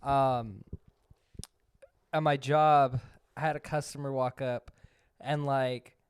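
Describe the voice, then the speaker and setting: A man's voice: mid-range voice, steady tone, takes it slowly, smooth. A young man co-hosting a podcast, teasing and telling rambling anecdotes in casual chat. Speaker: podcast co-host.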